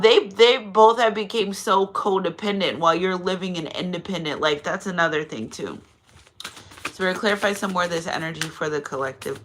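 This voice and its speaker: Chatty woman reading cards, bright voice. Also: mid-range voice. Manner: chatty and digressive, often asks "you know what I'm saying"; effusive and emotional when thanking viewers. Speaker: tarot card reader and channel host. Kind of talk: casual spiritual card reading to camera.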